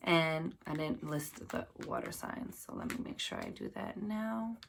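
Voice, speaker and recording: Very creaky low-voiced woman reading tarot. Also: wildly swooping pitch, a little slow, noisy background. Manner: chatty, loose, filled with "like" and "you know", addresses listeners fondly. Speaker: tarot card reader. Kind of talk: casual tarot reading to viewers.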